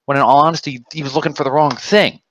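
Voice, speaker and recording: A man's voice: on the high side, quick pace, dull audio. Man getting fired up at Bible study. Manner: gets excited and emphatic, repeats words. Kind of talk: casual group Bible study discussion.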